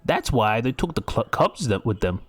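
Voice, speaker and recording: A man voicing a shy young man who stammers and tells a sad story slowly and wistfully, reading it out from a story game. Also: lowish voice, warm tone.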